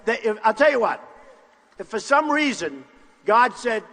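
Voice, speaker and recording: Older man shouting a rally speech. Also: sits high, animated, moderate pace. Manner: boastful, repetitive, punchy short phrases, often shouting to the crowd. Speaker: political candidate at a rally. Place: large university hall with crowd. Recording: long hall reverb from a live rally.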